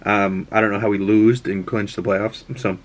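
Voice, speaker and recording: A man's voice: lowish voice, little pitch movement, moderate pace. A man hosting a casual chat show, rambling and swearing freely, with frequent restarts. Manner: rambling, profane, stop-start. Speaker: podcast host.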